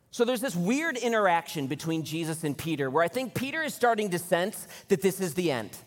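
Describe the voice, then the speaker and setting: A man's voice: high-pitched, very animated, fairly quick, hardly any pauses. A man in his thirties preaching a sermon as pastor, direct and conversational, asking the congregation questions. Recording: long hall reverb.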